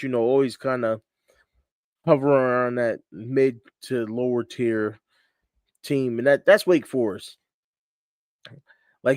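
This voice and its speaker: A man's voice: medium pitch, dry recording, studio quality. A man from Connecticut hosting a casual sports chat show, laid-back and repeating himself, laughing often. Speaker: podcast host. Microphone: studio mic on a livestream.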